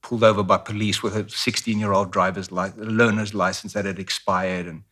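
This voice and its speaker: A man's voice: lowish voice, little pitch movement, fairly quick, fairly bright tone. A middle-aged man with a South African accent, telling stories as a guest in a casual interview. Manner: storytelling, acts out quoted voices.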